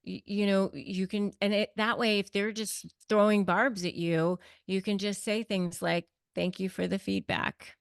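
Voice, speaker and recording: Woman guest expert, low gravelly voice, blunt coaching delivery, dry close sound. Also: steady tone, a little slow, few pauses, dry recording. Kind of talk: conversational advice.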